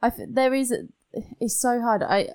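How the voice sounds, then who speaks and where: A woman's voice: a little high, moderate pace, a little mellow, clear, resonant tone. A woman co-hosting a podcast, chatting casually and laughing easily. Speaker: podcast co-host. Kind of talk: casual chat.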